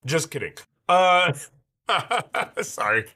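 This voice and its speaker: Bright-voiced man, a bit raspy from illness. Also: medium pitch, measured pace. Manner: chatty, loose, full of fillers and restarts. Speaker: livestream host. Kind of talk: casual livestream chat.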